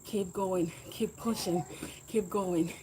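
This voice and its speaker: A woman's voice: fairly low pitch, fairly even intonation, takes it slowly, mellow, a little hiss or hum. A woman livestreaming while she exercises, chatting with viewers and cheering them on to keep going. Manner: encouraging, motivational, talks while exercising on a bike. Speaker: livestreaming fitness vlogger. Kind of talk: casual livestream chat with viewers.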